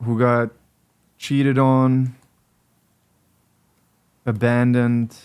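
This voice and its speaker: A man's voice: mid-range voice, flat delivery, extremely slow, a little mellow, clear, resonant tone. A man giving blunt advice on relationships straight to camera as a coach, lecturing and repeating his points for emphasis. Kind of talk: direct-to-camera advice talk.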